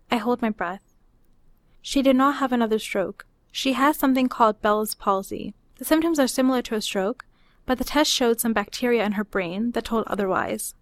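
A woman reading her own personal story aloud in a measured, unhurried way. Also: fairly high pitch, dry recording.

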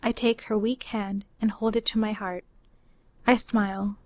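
A woman reading her own personal story aloud in a measured, unhurried way. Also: mid-range voice, flat delivery, darkish tone.

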